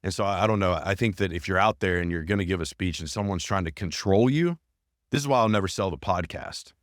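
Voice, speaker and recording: A man's voice: low voice, quick pace, no room sound, studio quality. A male podcast host, talking earnestly and emphatically in a casual conversation. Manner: earnest and emphatic, repeats phrases.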